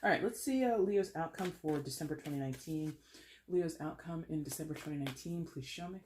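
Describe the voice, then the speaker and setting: A woman's voice: low voice, fairly quick, noisy background. Chatty woman giving a tarot reading. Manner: chatty, animated, laughs and plays with voices. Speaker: tarot reader. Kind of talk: casual tarot reading to camera.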